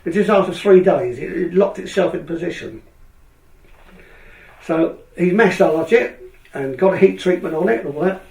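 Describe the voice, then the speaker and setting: A gravelly, high voice at normal speed, broken by long pauses, belongs to an older retired speedway rider from England. He tells a long anecdote animatedly, performing the other people's lines. It's recorded at a distance in an echoey space.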